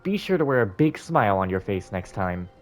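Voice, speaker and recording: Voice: low voice, sing-song, brisk, faint music behind, pitched below the performer's own voice. A gamer doing a motherly restaurant owner. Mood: reassuring. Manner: gentle, reassuring. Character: kindly woman restaurant owner, warm and motherly.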